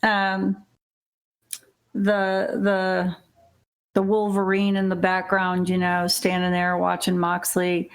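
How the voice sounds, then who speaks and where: A woman's voice: on the low side, completely flat delivery, slow, long pauses. A middle-aged woman from Illinois, co-hosting a wrestling podcast in casual chat, blunt and rambling, swearing and laughing often. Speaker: podcast co-host.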